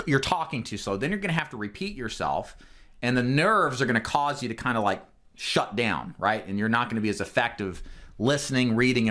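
A male sales trainer talks a group through phone technique in a direct, emphatic coaching manner. His voice sits at an ordinary middle pitch for a man, and his delivery is loose and conversational, full of fillers. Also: a bit bright. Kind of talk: instructional talk to a group.

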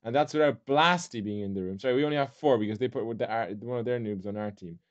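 A man's voice: medium pitch, fast. A man with a non-native English accent running a clan's gaming voice chat, impatient and bossy, swearing at players to hurry up and join. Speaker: clan leader organizing a training match. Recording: dull lo-fi game voice chat.

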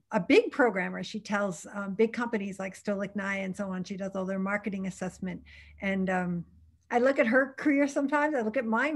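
A middle-aged woman, an English professor and romance author, chatting on a panel and thinking aloud with small restarts. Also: a little high. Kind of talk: casual panel chat on a video call.

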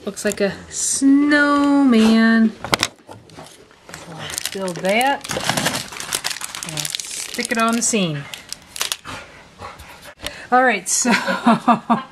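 A woman vlogging at home, talking softly and cooing to her dogs between casual chat. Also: on the high side. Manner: soft, cooing baby talk to her dogs. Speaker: daily vlogger. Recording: noisy home camera recording.

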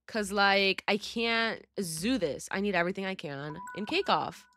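Faint music plays behind this gaming YouTuber, a young woman who keeps up a casual, slangy running commentary on her game, bubbly and dramatic with the odd sudden squeal. She speaks a little slowly in a mid-range voice that's slightly bright.

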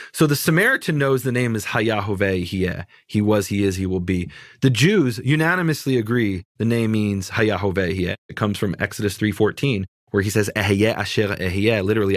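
A man's voice: lowish voice, no echo, clean studio sound. A man teaching in conversation, emphatic and dismissive of mistaken ideas, explaining word meanings step by step. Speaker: Bible teacher.

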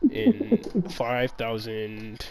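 A man's voice: mid-range voice, sing-song, drawn-out words, very noisy. A man telling a rambling, profane story in a casual chat, full of laughs.

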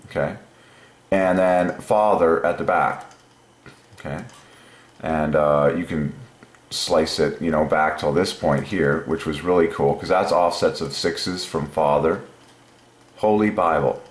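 A man hosting a channel, explaining an idea while thinking aloud, meandering and pausing often with fillers. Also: extremely low pitch, roomy sound. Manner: musing, meandering, with many fillers. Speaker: channel host.

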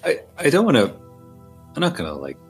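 A man's voice: fairly high pitch, wildly swooping pitch, fairly quick, vocal fry, husky. A man, rambling and laughing through a casual film commentary. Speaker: podcast guest. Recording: faint music behind.

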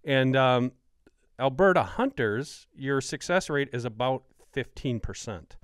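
Smooth-voiced Wisconsin podcast host. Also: male voice, mid-range voice, animated, measured pace, no room sound, clean studio sound. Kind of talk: casual interview talk.

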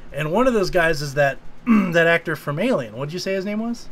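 Animated high-voiced male podcast host. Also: a little fast. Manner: animated storyteller, swears, acts out lines. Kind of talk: casual movie recap chat.

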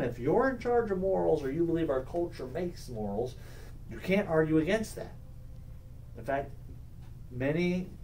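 A man's voice: mid-range voice, warm tone, distant mic, a little hiss or hum. Man teaching a church class from afar. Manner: conversational, asks the class questions, acts out quoted dialogue.

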